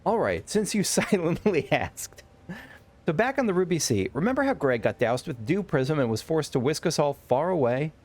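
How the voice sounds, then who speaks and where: A man's voice: fairly high pitch, very animated, normal speed, a little mellow. A man reading as a perky young sleuth woman. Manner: chirpy, chatty game dialogue reading. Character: perky young woman, cheerful detective's assistant.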